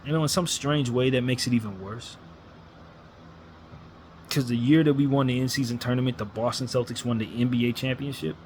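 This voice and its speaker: A man's voice: mid-range voice, fairly even intonation, fairly quick, a little mellow, a little hiss or hum. Frustrated man ranting about his team. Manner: frustrated, blunt, repetitive emphasis. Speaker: sports fan commentator. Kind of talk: ranting fan monologue.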